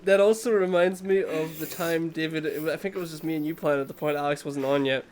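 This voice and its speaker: A young man co-hosting a casual podcast chat, excitable and quick to laugh, tripping over his words. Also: a little high. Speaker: podcast co-host.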